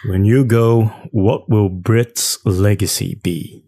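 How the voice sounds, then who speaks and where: A man's voice: on the low side, fairly even intonation, takes it slowly, dark tone, no echo. A man hosting an interview show, asking brief, direct questions.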